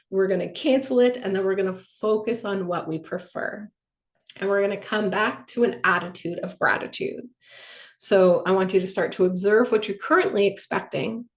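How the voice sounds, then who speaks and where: A woman's voice: mid-range voice, reverberant. A woman hosting a live online business workshop as a coach, upbeat and encouraging in a motivational way.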